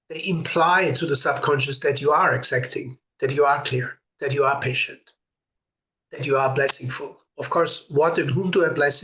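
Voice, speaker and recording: Slightly high-voiced male spiritual teacher. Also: pushed and bright. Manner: earnest and explanatory, with brief laughs; greets viewers by name. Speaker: host of a live ritual session.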